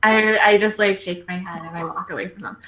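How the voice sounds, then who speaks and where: A woman taking part in a tabletop game as a player. She has a middle-pitched voice and keeps asking follow-up questions. The delivery is casual and conversational. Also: fairly even intonation, a little fast, a bit bright. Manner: inquisitive, presses with questions.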